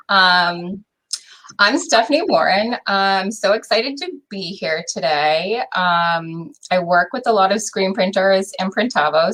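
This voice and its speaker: A woman's voice: medium pitch, a bit bright, rough recording. Woman, Boston accent, friendly, filler-heavy, casual call talk. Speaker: bookkeeping division lead. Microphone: video call.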